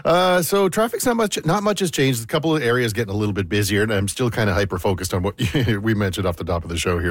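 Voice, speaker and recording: A man gives the traffic report in a chatty, easygoing way. His voice is low and recorded dry and close in a studio. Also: no echo. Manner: chatty, laid-back, jokey.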